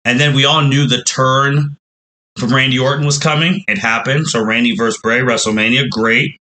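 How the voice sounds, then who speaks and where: A man with a forceful, bright voice at an ordinary middle pitch hosts a wrestling podcast. He talks in a loose storytelling way. He keeps slipping into quoted reactions from the fans. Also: steady tone, normal speed, low-quality recording. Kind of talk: casual podcast recap.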